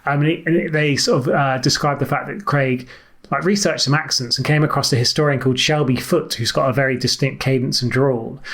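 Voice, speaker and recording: A podcast co-host giving background on films in an easy, chatty way. His voice has an ordinary mid-range pitch, and filler words run through his talk. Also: steady tone, a little fast, a bit bright. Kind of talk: casual film discussion.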